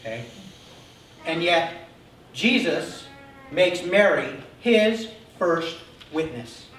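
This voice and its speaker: A man preaching an Easter sermon as pastor, talking to the congregation and often checking in with "Okay?". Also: on the high side. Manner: animated, acting out Bible figures. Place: church sanctuary. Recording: very echoey room, voice from a distance, faint noise.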